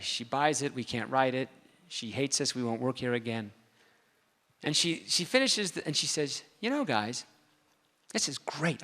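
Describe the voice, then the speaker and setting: Man, comic storyteller on stage, high and bright, hall reverb. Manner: animated, comic storytelling with quoted voices. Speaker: speaker at a convention.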